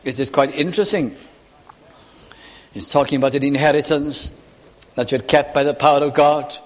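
A man preaching a sermon, reading scripture slowly and explaining it in an earnest, measured way. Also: a little high. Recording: reverberant hall.

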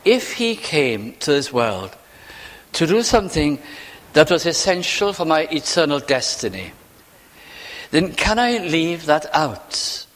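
A man preaching a sermon in a church, talking in a conversational way with rhetorical questions and slowing down to quote scripture. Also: fairly high pitch, sing-song, fairly bright tone. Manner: slows for scripture quotations. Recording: reverberant hall.

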